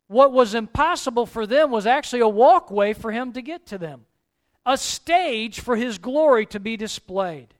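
A man preaching a sermon as pastor, rising to emphatic calls and dropping to soft asides. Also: sits high, animated, moderate pace.

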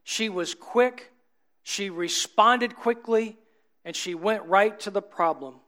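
A man with a notably high voice delivers a sermon. He poses rhetorical questions to his listeners and swings between emphatic, raised peaks and low, soft drops. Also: slow pace. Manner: asks the congregation rhetorical questions. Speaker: preacher.

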